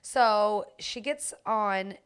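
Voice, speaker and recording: A woman's voice: medium pitch, very slow, smooth. Chatty woman spinning a casual story. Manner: chatty, filler-heavy, animated retelling. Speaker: podcast co-host.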